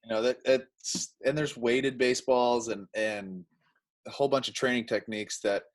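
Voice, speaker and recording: Relaxed man explaining training drills. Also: mid-range voice, moderate pace, low-quality recording. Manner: relaxed, explains with everyday examples, many fillers. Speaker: athletic trainer demonstrating drills. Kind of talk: casual instructional chat.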